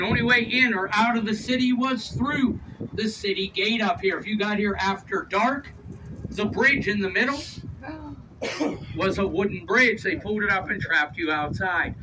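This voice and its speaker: Rich: A high-voiced man guiding a tour, heard from a distance. He jokes and teases his riders between facts, and the rumble of the vehicle runs under him. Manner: playful, teasing passengers, quick asides. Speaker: tour guide. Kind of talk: joking guided tour commentary over a speaker. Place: open-air tour train outdoors. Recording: distant voice over vehicle noise. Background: vehicle rumble and street ambience.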